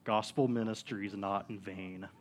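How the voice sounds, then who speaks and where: A young man preaching a sermon to a congregation as a youth pastor, earnest and rising into excited bursts. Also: on the low side, moderate pace.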